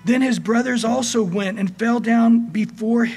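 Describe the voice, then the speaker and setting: A man preaching a sermon as pastor, conversational, moving between soft passages and emphatic points. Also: very high-pitched, unhurried, soft background music.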